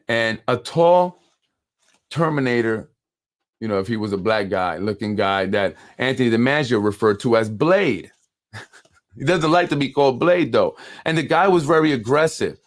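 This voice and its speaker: A man hosting a live call-in show on local politics, telling a long story with energy, acting out what others said and repeating words when worked up. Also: medium pitch. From New York.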